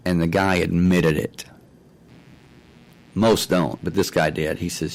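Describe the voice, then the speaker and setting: A man's voice: sits low, steady tone, moderate pace, low-quality recording. A man hosting his own talk show, telling a story in a rambling way and repeating "I said" and "he says" over and over. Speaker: host of an online talk show. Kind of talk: casual spoken storytelling. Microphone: own mic and mixer setup at home.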